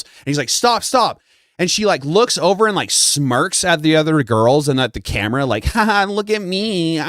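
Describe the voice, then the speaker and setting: A man co-hosts a live stream in loose, rambling commentary. He mocks freely and mimics others in a higher voice. His voice sits at a middle pitch and sounds dry and close. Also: a bit bright, dry recording. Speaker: co-host.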